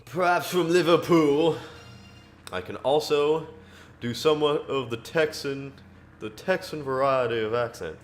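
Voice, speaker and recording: A man's voice: fairly high pitch, measured pace, faint music behind. A man streaming alone, reading scripture aloud and chatting casually, rambling to himself and chuckling often.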